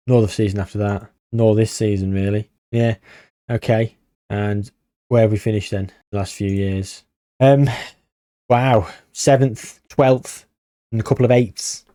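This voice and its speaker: Exasperated man, mellow voice. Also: lowish voice, fairly even intonation, normal speed, dry recording, clean studio sound. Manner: exasperated, grumbling, sarcastic asides. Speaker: gaming YouTuber. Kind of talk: casual game commentary.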